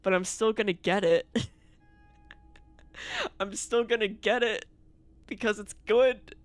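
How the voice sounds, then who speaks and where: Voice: medium pitch, fairly even intonation, slow, no room sound, soft background music. A streamer chatting casually on a live stream, ranting with frequent laughter and free swearing. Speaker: game streamer. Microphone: streaming mic.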